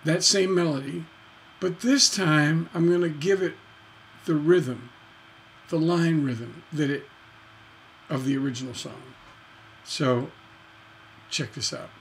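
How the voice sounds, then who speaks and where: A man teaching songwriting on a charity livestream in a relaxed, folksy way, humming melodies on "da da" to show his points. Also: a little high, takes it slowly, pauses often, slight background noise.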